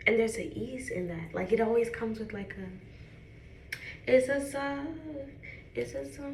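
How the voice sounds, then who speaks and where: A woman's voice: mid-range voice, slow, gravelly, pauses often. Young woman, chatty makeup vlogger, roomy and noisy recording. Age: 20s. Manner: chatty, animated, addresses viewers as y'all. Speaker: beauty vlogger. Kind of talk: casual chat while doing makeup. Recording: echoey room with background noise.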